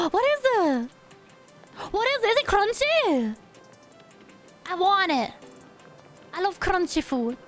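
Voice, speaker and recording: A woman's voice: extremely high pitch, sing-song, slow, pauses often, a bit bright, soft background music. A woman streaming live, chatting casually with her viewers in a bubbly, silly way and humming nonsense syllables between remarks. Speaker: virtual streamer. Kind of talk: casual livestream chat with viewers.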